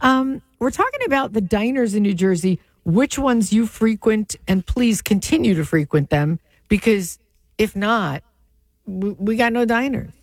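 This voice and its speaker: Joking woman radio host, lively pitch. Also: no room sound. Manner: joking, teasing, quick asides. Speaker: radio talk show host. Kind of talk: call-in radio chat. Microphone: studio microphone.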